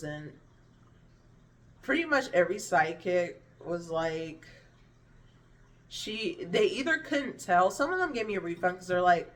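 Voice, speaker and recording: A woman's voice: low voice, a bit bright, far from the mic. Frank woman, mic set back. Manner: frank, meandering, profane, trailing off and restarting. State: hungry, slurring words a little. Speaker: vlogger. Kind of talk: candid personal storytelling to camera.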